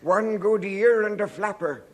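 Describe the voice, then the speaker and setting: A man playing a deferential, gossipy chauffeur in a 1950s radio comedy, talking to a young boy. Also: sits high. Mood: chatty. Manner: slow, chatty, deferential. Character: slow, gossipy male family chauffeur. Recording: crackly old radio broadcast recording.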